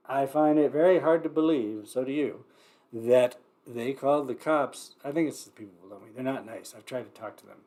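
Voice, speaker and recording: A man's voice: medium pitch, dark tone. A man hosting a variety show livestream, talking in a loose, rambling way with wry asides and the odd curse. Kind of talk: casual rambling livestream chat.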